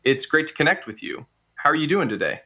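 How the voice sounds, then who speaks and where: A man's voice: fairly high pitch, very animated, quick pace, breathy edge. A synthetic male voice of an AI phone bot, overly polite and accommodating in a scripted customer-service way. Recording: tinny phone line.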